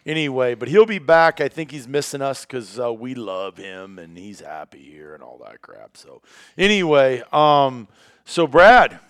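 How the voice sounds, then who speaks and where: A man's voice: medium pitch, very animated, a little slow, no echo, clean studio sound. A man hosting a podcast in casual chat, joking and rambling as he talks. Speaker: podcast host.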